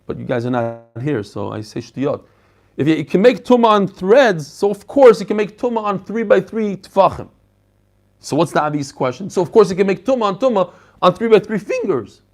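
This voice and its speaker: A middle-aged man gives a spirited daily Talmud class. His voice sits high for a man, and he keeps the lesson conversational, addressing his listeners and switching freely into Hebrew and Yiddish words. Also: brisk. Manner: animated, mixes English with Hebrew and Yiddish terms, talks to listeners directly. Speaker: rabbi teaching a daily Talmud page. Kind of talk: lively Talmud class lecture.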